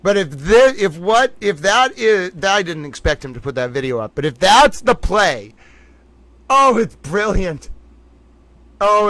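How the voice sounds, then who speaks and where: Animated, excitable man reacting live. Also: on the high side, dry recording. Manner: exclaiming, thinking aloud, laughing. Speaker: livestream host.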